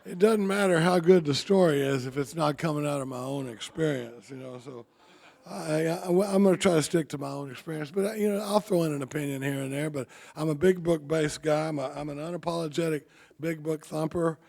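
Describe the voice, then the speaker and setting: Gravelly folksy man at a podium. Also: a little high, a little mellow. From Texas. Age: 50s. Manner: folksy, joking, halting with restarts. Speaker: AA convention speaker. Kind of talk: recovery talk at a podium.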